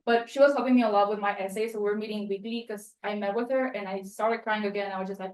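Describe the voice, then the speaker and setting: A woman's voice: medium pitch, steady tone, fast talker, few pauses, a little mellow. A young woman from Mexico giving a spoken end-of-year student presentation, chatty and self-deprecating, with lots of fillers. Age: young adult. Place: room at a university. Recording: echoey room, mic set at a distance.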